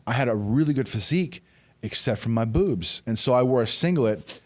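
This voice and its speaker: A man's voice: medium pitch, expressive, brisk. A man in his forties, a former pro wrestler, chatting as a podcast guest and telling candid, self-deprecating stories with frequent restarts. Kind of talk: casual podcast chat.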